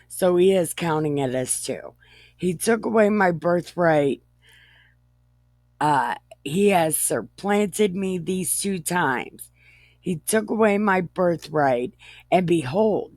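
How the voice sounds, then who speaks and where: A woman's voice: gravelly, no echo. A woman casually retelling a Bible story for laughs, reading verses and adding blunt, profane commentary. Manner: animated and profane, reads verses then adds blunt commentary; slow, unhurried delivery with wide swings in pitch. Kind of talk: casual comedic retelling of scripture.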